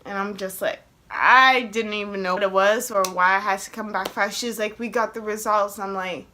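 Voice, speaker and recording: A woman's voice: medium pitch, steady tone, moderate pace, few pauses, bright, forceful tone. A young woman casually telling a personal story to her vlog camera, chatty and full of "like", acting out the voices of people she quotes. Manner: chatty, heavy use of "like", acts out quoted voices. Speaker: vlogger.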